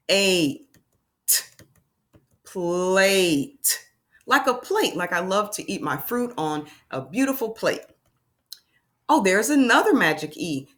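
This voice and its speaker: A woman's voice: mid-range voice, fairly bright tone. A woman teaching a phonics lesson to young children, sounding out letters and making playful exclamations.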